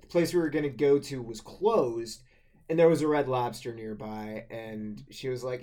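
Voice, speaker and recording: A young man co-hosting a podcast in casual chat, animated and laughing easily, with stammering restarts. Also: medium pitch, normal speed. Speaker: podcast co-host.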